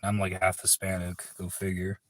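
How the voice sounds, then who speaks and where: A man's voice: deep voice, monotone, moderate pace, no echo. A man hosting a livestream in casual chat, laid-back, rambling and profane. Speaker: livestream host.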